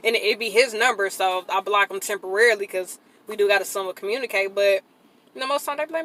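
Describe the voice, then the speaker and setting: A woman speaking to camera in a blunt, profane, emphatic rant, swinging into loud outbursts. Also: a little high, fast, poor audio. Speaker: vlogger. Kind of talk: casual venting monologue.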